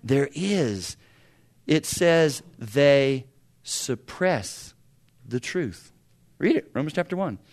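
A man's voice: medium pitch, expressive, slow, long pauses. A man in his fifties preaching a sermon as pastor, talking in a conversational, humorous way with sudden bursts of emphasis. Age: 50s.

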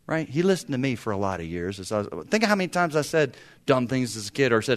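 A man's voice: mid-range voice, very animated, fast talker, few pauses. A man in his fifties preaching a sermon as pastor, talking in a conversational, humorous way with sudden bursts of emphasis. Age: 50s.

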